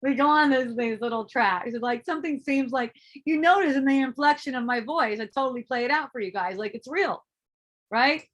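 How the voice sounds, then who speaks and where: High-voiced woman giving a casual spiritual talk. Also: a little fast. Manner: animated, swearing, acting out her own inner voices, laughing often. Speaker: spiritual teacher.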